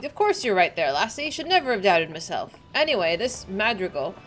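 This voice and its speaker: A woman's voice: mid-range voice, big pitch swings, fairly quick, a bit bright, faint music behind. A woman voicing a rowdy, boastful male pirate sailor while reading game dialogue aloud. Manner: folksy salty sailor talk.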